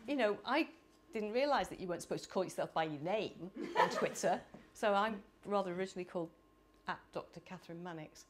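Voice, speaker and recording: A middle-aged woman from the United Kingdom speaking at a conference, animated and chatty with laughing asides. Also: medium pitch, slight background noise. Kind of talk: conference talk. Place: conference hall.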